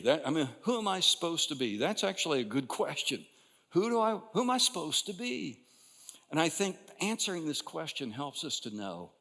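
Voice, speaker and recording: An older male pastor delivers a sermon from a church sanctuary, his voice trailing off in a long hall reverb. He preaches conversationally, restarting phrases and rising into emphatic bursts before easing back down. His pitch sits mid-range for a man. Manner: builds to emphatic bursts, then drops quiet.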